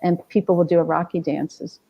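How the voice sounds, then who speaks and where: A middle-aged woman, a music scholar being interviewed, telling lively stories and acting out the people she quotes. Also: lowish voice, a little fast, creaky, slightly rough, muffled recording. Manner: animated, acts out quoted people.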